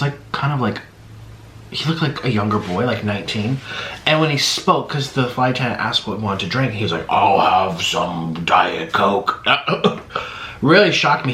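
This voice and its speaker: A man hosting a mukbang, telling a rambling story casually while eating. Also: mid-range voice. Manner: chatty, rambling, animated. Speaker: mukbang host. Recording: roomy echo, faint background hiss.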